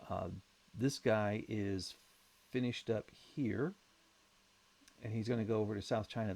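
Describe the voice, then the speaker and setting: This man's voice sits on the low side with a darkish tone. He's a let's play host narrating his own strategy game as he goes, thinking aloud in a wry, chatty way and poking fun at himself.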